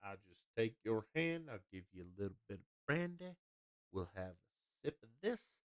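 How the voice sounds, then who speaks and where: Courtly Southern gentleman, soft and soothing, done by a man. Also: fairly low pitch, very animated, moderate pace, smooth.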